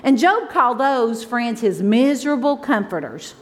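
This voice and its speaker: A woman, a pastor's wife preaching a conversational, emotional sermon that swings from loud exclaims to soft asides. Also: fairly high pitch, lively intonation, normal speed.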